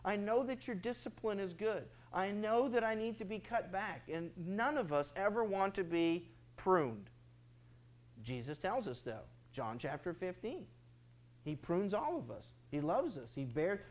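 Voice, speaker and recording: A man's voice: high voice, lively intonation, moderate pace. A man preaches with earnest conviction, circling back on his words when he stresses a point. He slips into the voices of people praying or making excuses, then returns to teaching. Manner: acts out quoted prayers and excuses. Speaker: pastor. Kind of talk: sermon.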